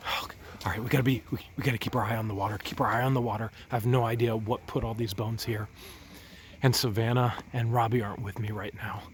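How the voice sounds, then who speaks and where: A man hosting an outdoor vlog by a swamp, excitable and often dropping to a hushed whisper. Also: lowish voice, brisk, a little hiss or hum. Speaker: vlog host.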